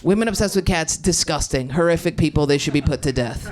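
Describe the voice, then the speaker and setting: A woman's voice: low-pitched, fast talker, darkish tone. A young woman doing an improvised stand-up set, brash and rambling, laughing through her punchlines. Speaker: stand-up comedian.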